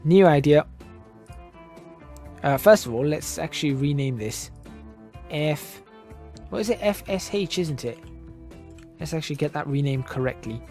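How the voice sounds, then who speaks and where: Man, fairly high voice, casual thinking-aloud gameplay commentary, soft music bed. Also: expressive, a little slow, long pauses. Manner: thinking aloud, musing and self-correcting. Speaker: gaming channel host. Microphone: desk microphone, voice drifting in and out.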